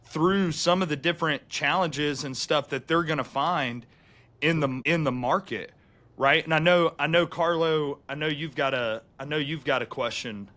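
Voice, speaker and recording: A man co-hosting a podcast, speaking in a relaxed, conversational way. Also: fairly high pitch, normal speed. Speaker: podcast co-host. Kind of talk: casual podcast chat.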